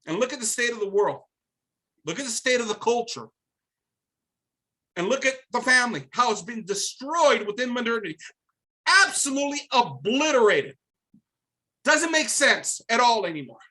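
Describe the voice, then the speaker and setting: A man's voice: very high voice, sing-song, moderate pace, pauses often, bright, forceful tone, rough recording. A man from America hosting a live commentary monologue, emphatic and preachy, often tossing in "right?". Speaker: host.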